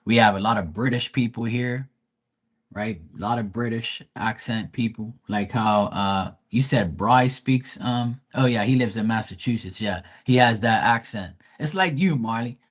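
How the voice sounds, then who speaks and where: A man from Bermuda with a Bermudian accent, chatting casually on a live stream, animated and full of slang. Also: lowish voice, moderate pace. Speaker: live tarot reader.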